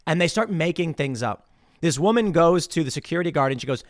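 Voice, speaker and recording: A man's voice: fairly high pitch, brisk, no echo, clean studio sound. A man hosting casual political commentary, retelling stories and acting out the people he quotes. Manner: animated, acts out quoted people in shifting voices. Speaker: commentary host.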